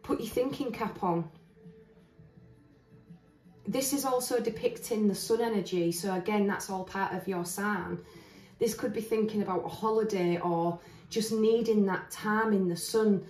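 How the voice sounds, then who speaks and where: A woman's voice: mid-range voice, measured pace, a little mellow. Woman reading tarot in an echoey room. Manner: chatty, earnest, thinking aloud with restarts. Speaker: tarot reader. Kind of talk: casual spoken tarot reading. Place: indoors, standing at a table of cards. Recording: roomy echo, voice heard from a distance.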